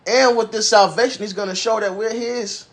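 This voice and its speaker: High-voiced man preaching with profane emphasis. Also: fairly even intonation, normal speed, a bit bright. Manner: profane, emphatic, reads King James verses then explains in slang; acts out a bragging axe in a mocking voice. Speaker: street preacher. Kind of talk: preaching with scripture readings.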